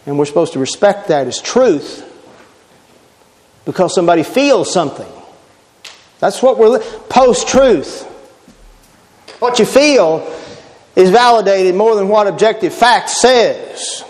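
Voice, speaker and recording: A man's voice: sits high, animated, measured pace, pauses often, a little mellow, in a large hall. A man preaching a sermon, emphatic and quoting scripture, repeating key words for stress.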